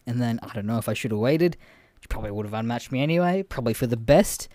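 A man's voice: mid-range voice, animated, fast talker, warm tone, no room sound, studio quality. A young man hosting a podcast, casually retelling dating stories with lots of swearing and laughter. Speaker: podcast host. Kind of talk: casual storytelling chat.

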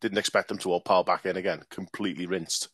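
A man co-hosting a football podcast, telling a story in a relaxed, dry way with lots of ums. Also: deep voice, fast, dry recording. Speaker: podcast co-host. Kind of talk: casual storytelling.

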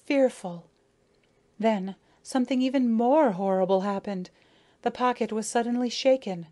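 A woman voicing a grieving, self-important female dragonfly who tells her tale slowly, mournfully and dramatically. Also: a little high, mellow, lightly acted. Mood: grave dramatic. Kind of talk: audiobook character reading.

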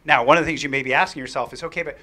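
A man presenting a workshop, telling an anecdote to an audience in an animated way with frequent fillers and restarts. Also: mid-range voice, rapid-fire. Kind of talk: storytelling lecture to an audience.

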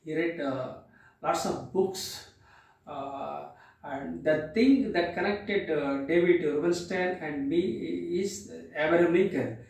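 Guy vlogging, kinda high voice, keeps pausing and saying uh, sounds far from the mic in a big echoey room. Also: darkish tone. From India. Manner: halting, many pauses and filler sounds; repeats words when restarting. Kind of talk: motivational talk to camera.

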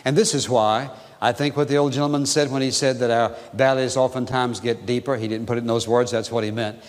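A man preaching in an earnest, deliberate way, repeating his phrases and letting key words fall soft and low. His voice sits at an ordinary middle pitch. It carries a long reverb, as if filling a large church sanctuary. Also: fairly even intonation. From United States. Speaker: pastor. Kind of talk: sermon.

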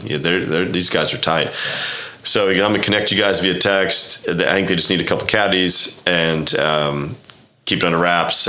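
A middle-aged man from Oklahoma with a very low, bright and forceful voice rambles through an animated golf story, full of restarts and voiced-out dialogue. He sounds a little roomy, as if recorded in an echoey space. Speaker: golf club professional, guest. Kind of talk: casual storytelling interview. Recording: echoey room.

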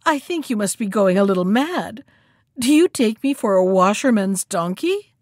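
A woman voicing a clever male monkey who talks with breezy, mocking calm in a storybook reading. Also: medium pitch, normal speed, no echo, clean studio sound. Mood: teasing.

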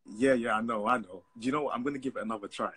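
A man's voice: mid-range voice, steady tone, rapid-fire, a bit bright, slightly rough. A man with a British accent calling in to a live stream, chatting in a friendly way and laughing easily. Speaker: caller. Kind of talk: casual live video chat.

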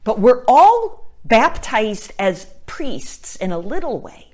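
A woman's voice: fairly high pitch, very animated, slow, a little mellow. A woman and Catholic missionary giving an earnest spoken reflection on faith, often checking in with "right?" and moving between emphatic and near-whispered lines. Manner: earnest, tags points with "right?".

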